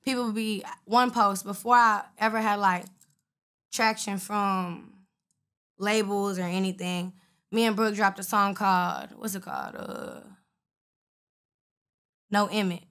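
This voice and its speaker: A woman rapper speaks in a relaxed, profane interview chat. She sits at a mid pitch for a woman and tells her stories bluntly, quoting other people as she goes. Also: unhurried, pauses often, smooth. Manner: blunt, profane, retells exchanges with quoted voices. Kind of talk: casual interview storytelling.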